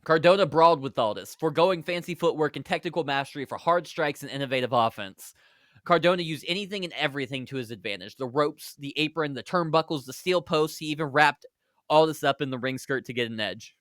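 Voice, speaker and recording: A man hosting a podcast, recapping a fantasy wrestling card in brisk play-by-play storytelling. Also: a little high, fairly bright tone, no room sound, clean studio sound. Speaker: podcast host.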